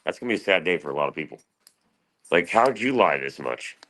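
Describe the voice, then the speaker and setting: A man's voice: lively intonation, fast talker, a bit bright. A man talking in a rambling, profane monologue on his own stream, restless and jumping between thoughts. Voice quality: gravelly, very deep.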